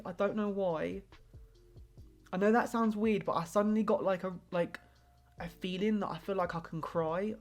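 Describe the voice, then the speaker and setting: A woman's voice: medium pitch, fairly even intonation, normal speed. A young woman live-streaming a tarot reading in casual chat, rambling and hesitant with many filler words.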